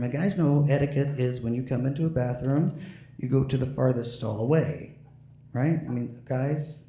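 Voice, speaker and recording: A slightly drunk man rambles through a stand-up comedy set, his halting delivery full of fillers and restarts. His medium-pitched voice is creaky and mellow, with a little hiss or hum. The room is echoey with faint ambience.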